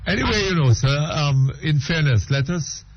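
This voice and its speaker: A man hosting a radio call-in show, speaking in a measured, polite way. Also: a little high, expressive, a little hiss or hum. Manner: measured, polite, brief affirmations. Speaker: radio talk show host. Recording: muffled radio broadcast.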